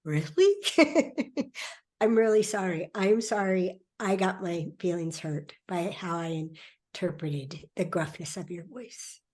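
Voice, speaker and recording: Animated middle-aged woman, podcast guest. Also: fairly low pitch, takes it slowly. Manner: animated, acts out quoted voices, laughs often. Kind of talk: conversational interview.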